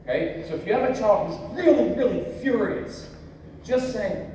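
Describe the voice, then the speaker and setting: A man's voice: high-pitched, expressive, normal speed, dark tone, a little hiss or hum. A man in his fifties giving a live parenting workshop, telling stories and acting out quotes with humor. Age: 50s. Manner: storytelling, acts out quotes, jokes with the crowd. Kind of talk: live workshop talk to an audience. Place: large convention hall. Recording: echoey hall, mic heard from far off.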